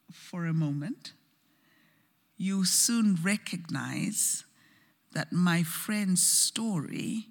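A woman preaching a sermon, telling a story slowly and earnestly with soft, hushed moments, recorded in a church. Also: deep voice. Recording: church hall with long reverb.

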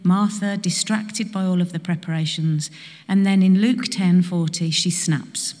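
A woman's voice: on the low side, fairly even intonation, measured pace, darkish tone. Woman preaching in a reverberant hall. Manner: asks the congregation questions. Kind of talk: sermon to a congregation.

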